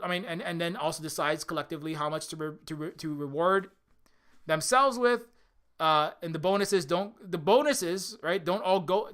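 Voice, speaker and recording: A man's voice: sits high, bright, forceful tone. A man ranting casually, profane and rambling, with many restarts and mocking acted-out quotes. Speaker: indie game developer and commentator. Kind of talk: casual rant.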